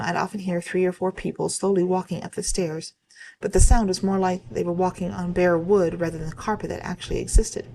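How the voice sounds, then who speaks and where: Lady reading stories for her channel, kinda low voice, steady pace, little slips here and there. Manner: steady, even-paced reading with occasional slips. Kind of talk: reading online stories aloud.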